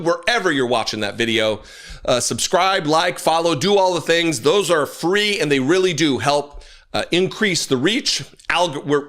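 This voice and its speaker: Animated, fired-up male political commentator. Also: on the high side. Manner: angry, animated, swearing, quick asides.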